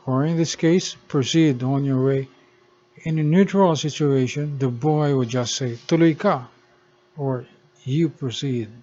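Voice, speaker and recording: A man talks through a language lesson in a measured, instructive way, taking each word very slowly. His pitch sits in an ordinary middle range. The recording is muffled and lo-fi. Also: mellow. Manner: slow, careful explaining of pronunciation. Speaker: language teacher. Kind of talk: scripted lesson narration. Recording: dull lo-fi recording.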